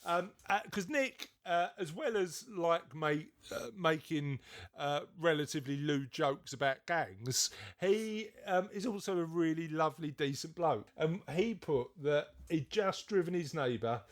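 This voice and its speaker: Jokey man, slightly high voice. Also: expressive, a little slow. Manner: jokey, teasing, often laughing. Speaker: podcast co-host. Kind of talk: casual podcast banter.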